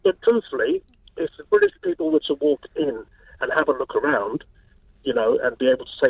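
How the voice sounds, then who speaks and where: A man raised in Spain calling a radio show, telling an earnest, animated story. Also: mid-range voice, a little fast, creaky, breathy edge, no room sound, distant mic. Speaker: caller. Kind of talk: phone-in call. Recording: tinny phone line.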